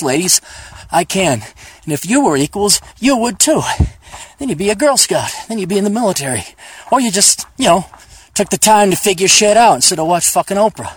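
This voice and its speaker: Out on a hiking trail and recording on his phone, a podcast host delivers a casual rambling monologue that's profane, sarcastic, and joking. His husky voice is high-pitched and sing-song, fairly quick, and the recording is dry.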